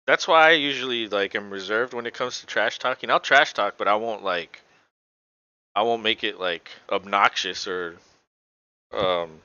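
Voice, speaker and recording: Casual podcast co-host, man, rambling fan-style commentary, bright tone, dry lo-fi sound. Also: fairly low pitch, clear, resonant tone, no echo. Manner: casual, swearing, rambling with fillers. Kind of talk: casual live play-by-play commentary.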